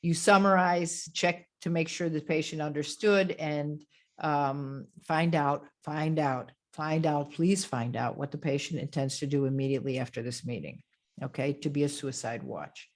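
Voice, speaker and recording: A woman grief counselor giving a webinar lecture over a video call, calm and gentle, with frequent fillers. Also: sits low, moderate pace.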